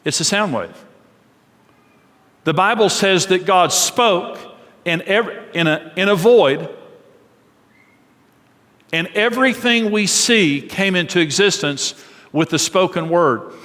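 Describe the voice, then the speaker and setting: A middle-aged man preaching a sermon as pastor, earnest and preacherly, drawing out key phrases slowly. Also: high voice, fairly bright tone. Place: church auditorium. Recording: long reverb of a large hall.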